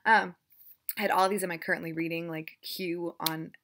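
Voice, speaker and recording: A woman's voice: on the low side, steady tone, normal speed, background noise. A young woman casually chatting about her reading, rambling and self-deprecating. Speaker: book vlogger. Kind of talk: casual chat.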